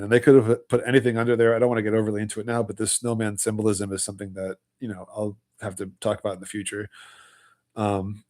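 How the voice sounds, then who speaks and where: A man hosting a casual livestream, hoarse with his voice almost gone, tired, rambling through loose explanations. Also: fairly low pitch, darkish tone. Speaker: livestream host.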